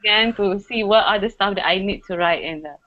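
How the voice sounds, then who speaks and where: A woman's voice: medium pitch, fairly quick, a little hiss or hum. A woman hosting a casual online chat, switching between English and Japanese. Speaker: host. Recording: dull lo-fi sound.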